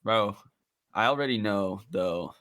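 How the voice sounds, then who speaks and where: A man co-hosting a podcast in casual chat, relaxed and easygoing, laughing easily. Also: on the low side, measured pace, no echo, studio quality. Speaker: podcast co-host.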